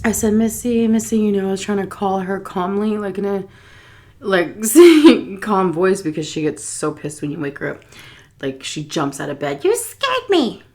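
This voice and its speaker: Sex: woman. Origin: from Texas. Style: eating story time. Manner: chatty, animated, with soft food asides. Pitch: middle. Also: moderate pace. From Texas, USA. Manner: chatty, animated retelling with quoted dialogue; eats between sentences, soft asides. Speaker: food vlogger.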